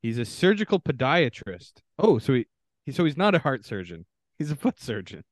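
A man's voice: medium pitch, big pitch swings, fairly quick, dry recording, studio quality. Canadian man reading bios, casual podcast. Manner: reads contestant bios aloud with offhand asides. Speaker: podcast co-host.

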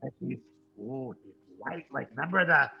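A man voicing a giant, excitable male dire wolf who rambles and repeats himself in a tabletop game. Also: medium pitch, moderate pace, vocal fry, husky, phone-quality sound, faint music behind, pitched below the performer's own voice. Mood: joyful.

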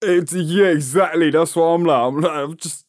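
A man's voice: a little high, normal speed, no room sound, studio quality. A young man with a London accent co-hosting a podcast in casual, slangy banter, swearing freely and laughing often. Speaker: podcast co-host.

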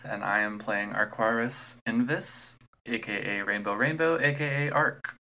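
Male guest player, lowish gravelly voice with a bright edge, friendly, a touch unsure. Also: unhurried. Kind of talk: casual chat.

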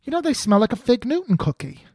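Tasting food on her podcast, a female host chats playfully and lets out exclamations, while a guest joins by video call and she uses a podcast mic. Her fairly high, slightly mellow voice moves quickly with big pitch swings over a little hiss or hum.

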